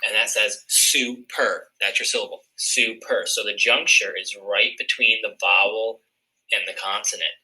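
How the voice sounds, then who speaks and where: A man teaching a recorded phonics lesson, explaining word patterns clearly, step by step. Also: fairly low pitch, fairly even intonation, unhurried, sharp tone, rough recording.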